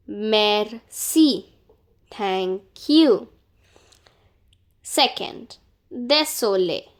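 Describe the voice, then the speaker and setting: A woman teaching beginner French greetings, saying each word slowly and more than once. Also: fairly high pitch. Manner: slow, careful pronunciation drills with repeated words. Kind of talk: beginner language lesson.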